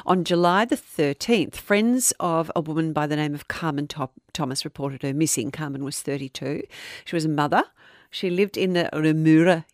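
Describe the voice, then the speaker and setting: A middle-aged woman with a low voice hosts a casual podcast. She talks in a chatty, self-deprecating way. The sound is close and dry. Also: normal speed, no echo. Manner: chatty, self-deprecating storyteller reading listener messages. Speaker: podcast co-host. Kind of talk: casual true-crime podcast chat.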